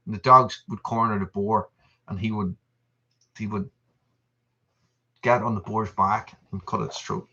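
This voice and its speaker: A man's voice: fairly low pitch, fairly even intonation, measured pace, pauses often, sharp tone. A man, hosting a casual live stream and chatting in a rambling way while reading out viewer messages. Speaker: channel host. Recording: dull lo-fi stream audio.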